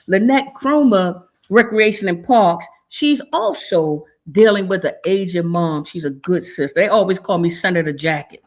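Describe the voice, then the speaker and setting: A woman's voice: on the low side, normal speed, hardly any pauses. A woman hosting a community talk show, speaking from the heart with a preachy, emotional manner. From Maryland, USA. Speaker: show host. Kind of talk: casual talk show sign-off.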